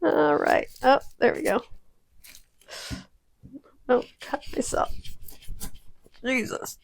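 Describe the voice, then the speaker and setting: A woman's voice: high voice, steady tone, slow pace, gravelly. A woman casually testing kitchen gadgets at home, chatty and prone to dramatic exclamations. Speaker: product-testing vlogger. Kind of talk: casual kitchen product review.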